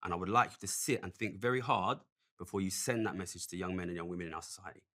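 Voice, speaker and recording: A man's voice: sits low, quick pace, a bit bright. A man telling a story earnestly and emphatically in a played clip, often pressing his point with "okay?". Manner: emphatic, repeats "okay?" and "listen".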